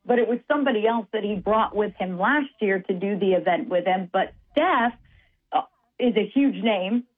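A woman's voice: medium pitch, normal speed. A woman reporter, chatting casually on the radio in a self-deprecating, chatty way. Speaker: sports reporter. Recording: tinny phone line.

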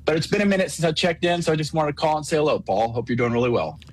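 Male caller, husky, measured delivery, phone line. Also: a little high. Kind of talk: casual call-in.

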